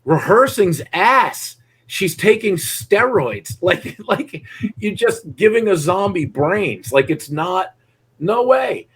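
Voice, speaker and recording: A middle-aged man coaches a dog-training student in a blunt, profane way. His voice is husky and sits a little high, and he slips into voices for dogs and people as he explains. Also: big pitch swings, slow, fairly bright tone. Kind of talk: live coaching session.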